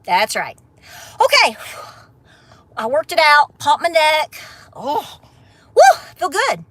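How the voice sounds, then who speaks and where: A woman's voice: sits high, wildly swooping pitch, slow pace, dry recording. A middle-aged woman, ranting bluntly on a casual livestream, then laughing and affectionate with her viewers. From Appalachia. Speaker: homestead vlogger.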